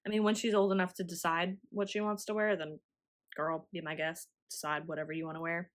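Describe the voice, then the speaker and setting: A woman's voice: fairly low pitch, little pitch movement, fairly quick. Chatty woman around 30 knitting. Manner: chatty and rambling, with frequent ums. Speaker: knitting vlogger. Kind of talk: casual chat.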